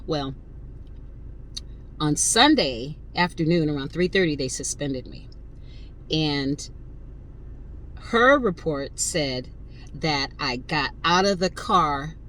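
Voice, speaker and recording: Animated woman in her fifties telling a story. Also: low-pitched, slow, long pauses, a little hiss or hum, low-quality recording. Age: 50s. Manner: animated, emphatic, addresses listeners directly. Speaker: podcast host. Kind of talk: casual storytelling.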